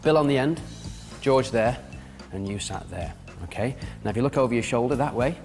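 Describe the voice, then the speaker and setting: A man's voice: mid-range voice, lively intonation, brisk, a little mellow, in a large hall. A man presenting a prank show on location in an upbeat, jokey way. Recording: music over the voice.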